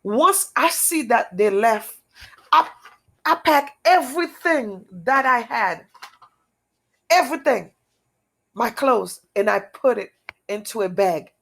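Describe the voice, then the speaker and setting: A woman tells her own testimony in a fairly high voice, unhurried and deliberate. Her speech is halting and repetitive, circling back to key phrases with earnest intensity. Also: expressive, gravelly, a bit bright. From outside America. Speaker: testimony speaker. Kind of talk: emotional personal testimony.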